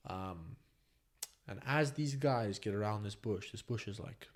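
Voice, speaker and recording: A young man from Botswana, a podcast guest, telling a story in a casual, animated way and calling people "bro" as he goes. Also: on the low side, measured pace. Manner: animated, slangy, keeps saying "bro".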